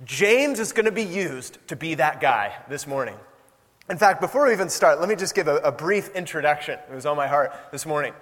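A man's voice: a little high, lively intonation, a little fast, fairly bright tone, in a large hall. A young adult man preaching a sermon in a conversational way, acting out quoted exchanges. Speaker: pastor.

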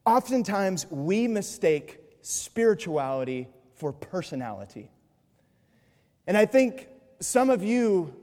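A male pastor preaching a sermon, animated and swinging between loud mimicry and hushed earnest passages. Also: high voice. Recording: long reverb of a large hall.

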